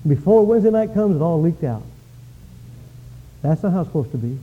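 A male pastor preaching a sermon, telling stories with lively swings from quiet to shouting. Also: a little high, a little fast, breathy edge. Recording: dull lo-fi sound.

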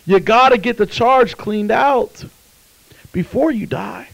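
A man delivers a sermon in a high voice. He drops to a hush while telling a story, then climbs to fervent shouts. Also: takes it slowly, gravelly, poor audio. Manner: impassioned, swings from hushed to shouting. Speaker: preacher.

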